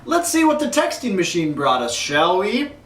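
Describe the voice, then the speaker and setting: A man hosts a mock press conference in a crude, deadpan announcer manner, his voice sitting high for a man. The room sounds echoey, and he is heard from some distance off the microphone. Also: normal speed. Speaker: league commissioner host.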